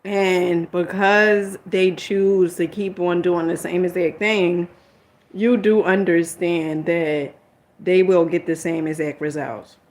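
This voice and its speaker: A woman's voice: on the low side, fairly even intonation, slow, darkish tone. A middle-aged woman telling a personal story in a candid, rambling vlog, quoting herself and lecturing in an exasperated motherly way. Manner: rambling and candid, retells arguments and quotes herself. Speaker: vlogger.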